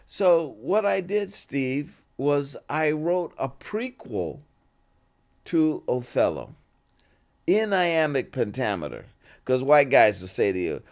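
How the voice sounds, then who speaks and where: Man, actor guest, relaxed storyteller, lively voice, acts out quotes. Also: medium pitch, slow pace. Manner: relaxed and conversational, with "you know" fillers. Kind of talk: anecdotal interview storytelling.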